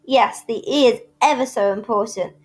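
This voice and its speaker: A dramatic, imaginative young storybook girl with red pigtails, voiced by a woman reading aloud. She gushes in flowery, theatrical rushes, her voice sitting somewhat high. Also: lightly acted. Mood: gushing. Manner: flowery, theatrical, rushing talk.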